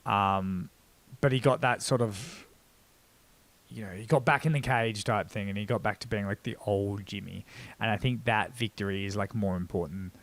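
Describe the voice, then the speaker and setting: A man's voice: fairly low pitch, steady tone, moderate pace. An Australian man hosting a casual MMA reaction video, rambling with lots of fillers and poking fun at himself. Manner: rambling, filler-heavy, self-deprecating.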